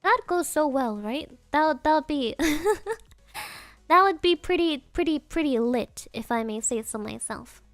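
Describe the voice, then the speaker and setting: A virtual streamer with a high, animated voice chats playfully and unhurriedly with her audience in a casual live stream, often giggling as she answers viewers' messages. There is no echo.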